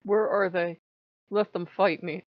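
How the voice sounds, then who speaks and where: A woman's voice: on the low side, steady tone, measured pace, dry recording, highs cut off, lightly acted. Woman doing a war-hungry male god. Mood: defiant. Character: warlike male god, eager for a fight.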